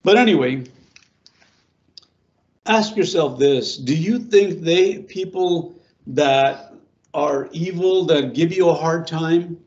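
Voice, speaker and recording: Conversational pastor, muffled recording. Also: male voice, a little high, slow pace, pauses often, a little mellow. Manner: conversational, asks the listeners questions, repeats words. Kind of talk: informal sermon to a small congregation.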